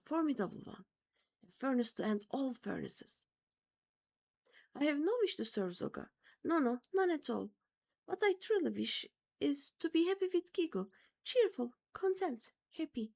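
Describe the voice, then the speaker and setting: A woman's voice: high voice, vocal fry, a little mellow. A woman doing a timid, fretful little kobold girl. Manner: repeats herself in lists of synonyms.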